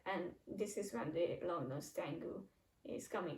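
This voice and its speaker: A woman's voice: lowish voice, unhurried, darkish tone, echoey room, recorded from a distance, poor audio. A woman reading a manga chapter aloud and chatting casually about what happens, voicing the dialogue with mild changes of voice. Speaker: manga reaction reader.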